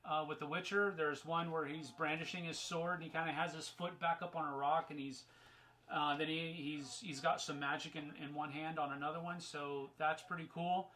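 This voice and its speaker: A man's voice: fairly high pitch, fairly even intonation, moderate pace, bright, forceful tone, poor audio. A man hosting a casual live Q&A, rambling through viewer questions with lots of fillers and restarts, and getting emphatic on fun topics. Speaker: host answering viewer questions.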